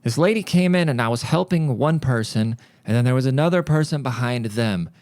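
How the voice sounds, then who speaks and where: A male podcast host rants casually, telling stories in a blunt and profane way. His voice is clear and smooth, at a middle pitch for a man, recorded dry and close. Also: a little fast, a little mellow, dry recording. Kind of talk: casual rant monologue.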